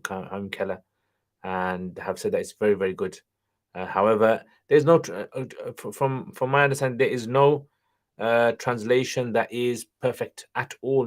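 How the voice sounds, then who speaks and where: A man hosting a casual livestream Q&A while driving, reading viewer questions aloud and answering them in a relaxed, chatty way. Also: on the low side. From England. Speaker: channel host, Islamic teacher. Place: car, driving while streaming.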